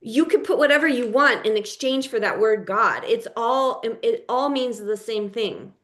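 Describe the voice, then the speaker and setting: Slow, deliberate woman coach, higher voice. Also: lively intonation, fairly bright tone. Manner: deliberate and emphatic, stressing single words; spiritual teaching tone. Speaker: life coach. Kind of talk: teaching a live coaching session.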